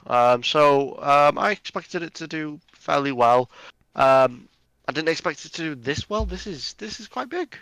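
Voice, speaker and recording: Man, bright sharp voice, dry sound, blunt podcast co-host, stumbling restarts. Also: fairly high pitch, normal speed, clear, resonant tone, no echo, low-quality recording. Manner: blunt, dismissive, hesitant restarts. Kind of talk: casual movie news chat.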